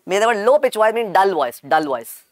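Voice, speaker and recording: A man with an Indian accent and a croaky voice, teaching an online medical lecture and repeating key points to his students. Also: sits high, big pitch swings, a little fast, dry recording, studio quality. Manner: repetitive, calls students "beta".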